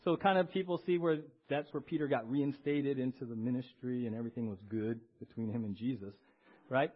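A male pastor with a medium-pitched voice preaches a conversational sermon at a fairly quick pace, often checking in with the congregation. He tags lines with "right?" and has them respond. The recording is dull and lo-fi.

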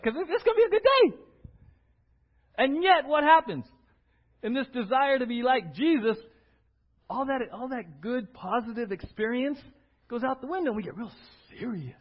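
A male pastor preaching a sermon in a church, acting out little scenes and swinging from loud to quiet. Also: breathy edge. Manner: animated, acts out little scenes with big swings in pitch and loudness. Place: church sanctuary. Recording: dull lo-fi church audio.

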